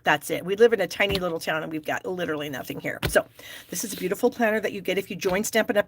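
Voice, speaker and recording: A woman's voice: medium pitch, a little hiss or hum. A middle-aged woman hosting a live stamping class, chatting casually, reading viewer comments aloud and laughing often. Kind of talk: casual live-stream chat.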